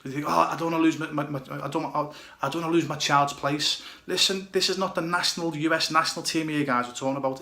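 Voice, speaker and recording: A man's voice: fairly high pitch, fairly bright tone, roomy sound. A blunt, emphatic man with a British accent, a goalkeeper coach giving direct advice and often checking "okay, yeah?". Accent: British English.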